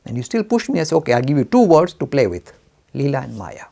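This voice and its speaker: A man lectures in a lively, swooping voice that has a gravelly edge. His tone is mellow and a little husky. He poses rhetorical questions and plays out both voices of an imagined argument. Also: medium pitch, fast. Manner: asks rhetorical questions and acts out both sides of a dialogue. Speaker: lecturer on religion.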